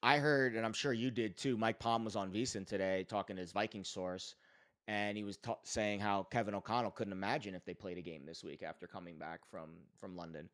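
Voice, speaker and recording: A man's voice: on the low side, steady tone, a little fast, a bit bright. A man co-hosting a sports betting podcast, giving emphatic, opinionated analysis in a casual chat with frequent fillers.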